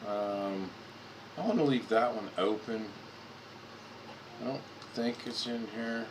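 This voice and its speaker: A man's voice: medium pitch, slow, background noise. A man hosting a casual live stream, rambling and repeating words as he clicks through photos at his computer.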